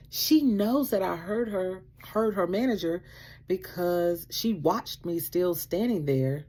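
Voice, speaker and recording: A woman shares a personal story in a relaxed, conversational way. Her voice sits low and mellow with a husky edge, yet it leaps up and down with animation as she acts out the exchanges and breaks into laughter. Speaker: vlogger sharing a faith testimony. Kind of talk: casual storytelling.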